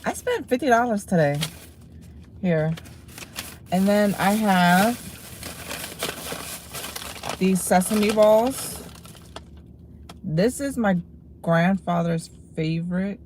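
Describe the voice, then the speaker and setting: A woman on a casual livestream, chatting while she eats, blunt and profane as she snaps back at her chat and then eases into relaxed talk about her food. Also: mid-range voice, slow, pauses often, slight background noise.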